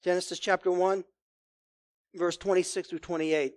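A man preaching a sermon in a high voice, reading scripture aloud and then driving his points home with earnest emphasis. The sound is close and dry, with no room echo. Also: flat delivery, moderate pace. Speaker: pastor.

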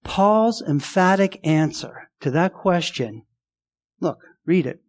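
A man's voice: on the high side, animated, takes it slowly. A man preaching a sermon as pastor, conversational and emphatic, often asking the congregation rhetorical questions.

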